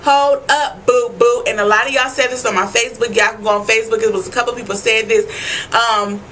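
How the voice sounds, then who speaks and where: A young woman vlogger recaps a TV episode in a loose, chatty way, swearing freely and checking in with her viewers. Her voice sits a little high and has a bright, forceful edge, with faint room noise behind it. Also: steady tone, fairly quick. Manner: chatty and profane, keeps asking "you know what I'm saying".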